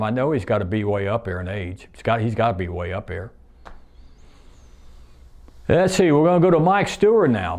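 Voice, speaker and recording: A man's voice: medium pitch, a little mellow. A man in his sixties, a retired plant worker, reminiscing in a rambling, folksy way, repeating himself and using nonstandard grammar.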